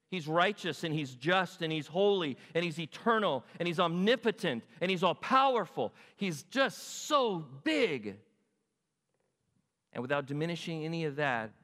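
A man preaching a sermon in an animated way, acting out God's words and asking his listeners questions. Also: a little high, long reverb tail. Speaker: pastor.

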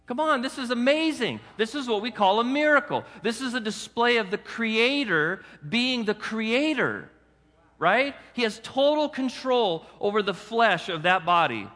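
Animated pastor preaching in an echoey hall. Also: male voice, very high voice, unhurried. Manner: animated, coaxing the congregation with rhetorical questions. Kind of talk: sermon.

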